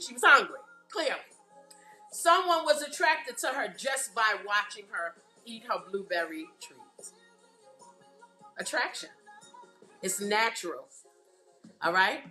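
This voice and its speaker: A woman's voice: high voice, pushed and bright, roomy sound. A woman from Brooklyn with a Brooklyn accent, hosting a live stream in a chatty, casual way and often checking in with her audience. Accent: Brooklyn New York. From Brooklyn, New York.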